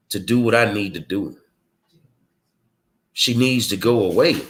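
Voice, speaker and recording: Texan man, mid-pitched, blunt and streetwise, combative commentary host. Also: a bit bright. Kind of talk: confrontational monologue.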